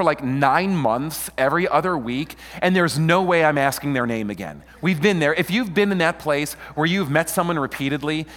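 A middle-aged man preaching a sermon as pastor, animated and playful, often questioning and joking with his congregation. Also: fairly high pitch, big-room sound. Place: church sanctuary.

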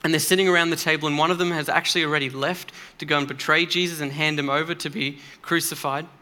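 Man, preacher, church sermon, higher voice, bright and forceful, earnest and emphatic. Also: steady tone, fast. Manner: earnest, emphatic, conversational with fillers.

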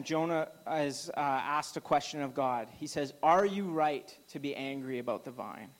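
A man's voice: on the high side, rough recording. A man preaching a sermon, talking in a conversational way with frequent fillers and restarts and lifting his voice when he quotes scripture. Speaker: pastor.

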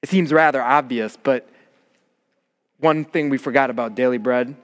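A man's voice: mid-range voice, normal speed. Man preaching in a reverberant church. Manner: earnest preaching, rising with emphasis. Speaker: pastor. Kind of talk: sermon.

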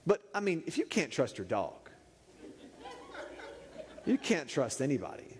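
A man's voice: fairly high pitch, a little slow, slight background noise. Playful preacher man, echoey hall. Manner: animated, playful storyteller. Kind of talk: humorous sermon storytelling.

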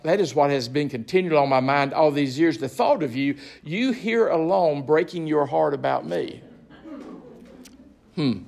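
Pastor, male, gravelly voice, reads a book aloud and acts out the quotes a little, then talks it through plainly. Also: medium pitch, a little mellow. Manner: reads quoted lines in a theatrical voice, then explains in plain talk. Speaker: pastor leading a book study. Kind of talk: reading aloud and commenting in a book study.

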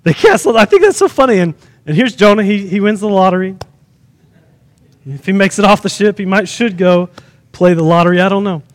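High-voiced preacher guy, animated, acts stuff out, big echoey hall. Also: a little fast. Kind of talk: sermon.

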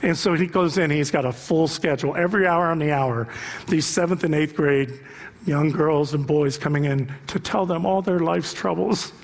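A male pastor with a high voice delivers a sermon in animated storytelling fashion, building to impassioned shouts. His voice rings out with a long reverb, as in a large hall. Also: normal speed, creaky.

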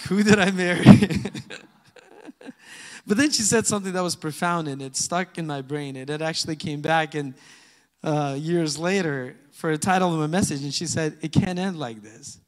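A man with a fairly high voice preaches in a church sanctuary. He reads scripture with loud emphasis, then drops into soft, chatty asides. A long reverb trails each phrase. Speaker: pastor. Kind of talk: sermon.

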